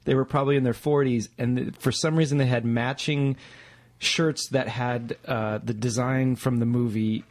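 A man's voice: medium pitch, steady tone, normal speed, a little mellow. A man telling stories as a guest in a casual podcast chat, laughing often.

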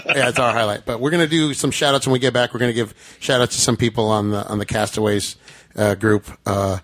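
A man hosting a podcast, chatting casually and quickly, often repeating his words. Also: mid-range voice, fairly even intonation, fairly bright tone. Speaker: podcast host.

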